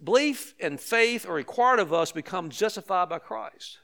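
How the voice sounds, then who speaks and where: An older man delivers a sermon in a fairly high voice. He preaches conversationally, repeating key phrases for emphasis and tossing asides to his listeners. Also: expressive, normal speed, vocal fry, fairly bright tone. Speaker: pastor.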